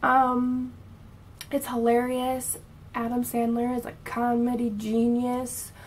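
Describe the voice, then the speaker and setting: A woman's voice: on the high side, completely flat delivery, slow, slight background noise. A young woman in her early twenties, chatting casually to camera as a vlogger, bubbly and gushing, a little out of breath. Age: 20s.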